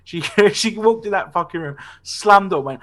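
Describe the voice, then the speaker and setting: A man's voice: high-pitched, moderate pace. A man in his late twenties, a podcast host, telling sweary anecdotes in a casual chat and often tagging "right?" onto his sentences. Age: 20s. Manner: animated, sweary anecdote telling with frequent "right?" tag questions.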